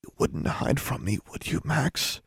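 A man voicing a prickly young witch student who is defensive and sharp-tongued, in a raised voice. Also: on the low side, wildly swooping pitch, normal speed, no echo, clean studio sound, full character voice. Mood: whispering.

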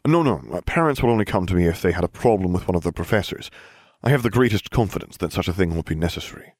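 A man's voice: deep voice, animated, quick pace, no echo, clean studio sound. A man voicing an old, scheming male headmaster wizard with a genial, grandfatherly manner. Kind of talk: fan fiction audiobook reading.

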